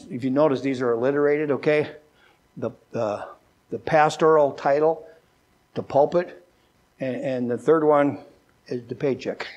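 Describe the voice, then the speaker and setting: An older man preaching a sermon as a pastor, folksy and joking, who often repeats words and slows down with a lifted voice when he reads scripture. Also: mid-range voice, a little mellow. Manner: slows down and lifts his voice when reading scripture.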